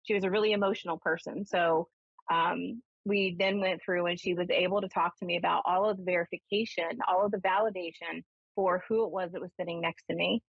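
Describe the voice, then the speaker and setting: A woman's voice: lowish voice, fairly quick, creaky, husky, no room sound. Chatty woman medium on a lo-fi broadcast. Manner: chatty storyteller, animated when quoting herself. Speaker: spiritualist minister and medium. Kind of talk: live call-in psychic reading show. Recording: dull lo-fi broadcast audio.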